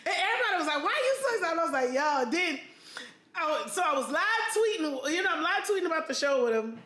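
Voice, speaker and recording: American woman host, excitable storyteller, high voice, roomy echo. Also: fast. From United States. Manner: animated, excitable storyteller with slangy speech. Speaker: mukbang vlog host. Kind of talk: casual chat.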